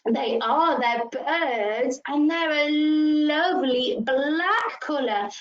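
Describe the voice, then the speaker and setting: A young woman leading a rhyme time for small children, sing-song and gasping with excitement. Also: high voice, very slow. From England. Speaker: early years practitioner. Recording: dull lo-fi home video sound.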